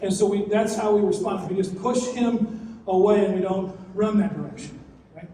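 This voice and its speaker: A young man giving a sermon to a youth group, animated and conversational, acting out prayers along the way. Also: sits high, moderate pace. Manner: animated, acts out prayers in a strained voice. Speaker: youth pastor. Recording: echoey hall, distant mic, faint noise.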